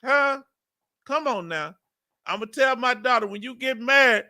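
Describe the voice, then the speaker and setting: Southern Texas man, fifties, bright high voice, laughs a lot, livestream host. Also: big pitch swings, normal speed. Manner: chatty, laughing, drawling asides. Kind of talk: casual live chat reading comments.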